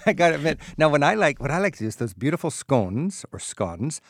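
A man's voice: a little high, lively intonation, very fast, gravelly, no room sound, studio quality. A man hosting a radio travel show, asking curious, enthusiastic questions and laughing easily. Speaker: radio host. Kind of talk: radio interview.

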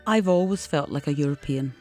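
Scottish woman radio guest, plain-spoken, fairly low voice, faint piano behind. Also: lively intonation, a little fast, mellow. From Scotland. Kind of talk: radio interview.

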